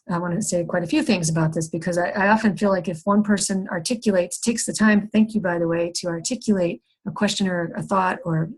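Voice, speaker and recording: A woman's voice: on the low side, husky. A young adult woman teaching an online wellness workshop over a video call, talking in a conversational, reflective way with many fillers and restarts. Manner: acts out her own past frustration with raised excited voice. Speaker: workshop facilitator.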